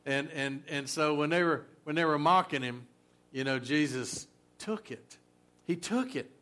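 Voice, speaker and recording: Man, pastor preaching a sermon, chatty and halting, fairly high voice. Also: pushed and bright. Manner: conversational preaching with many fillers and restarts.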